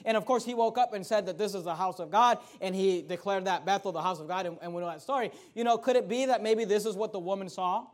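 High-voiced man preaching with emphatic swings. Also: fast talker, few pauses. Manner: emphatic, rises and falls sharply in loudness, rhetorical questions. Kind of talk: sermon, Bible exposition.

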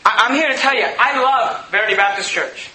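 A man's voice: high-pitched, fairly quick, pushed and bright, echoey room, slight background noise, poor audio. A man preaching a sermon as pastor of his church, impassioned and repeating phrases as he builds his points.

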